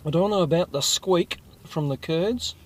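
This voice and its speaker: A man's voice: on the high side, normal speed. An Australian man hosting a casual food review video, chatting to his viewers in a rambling way and correcting himself as he goes.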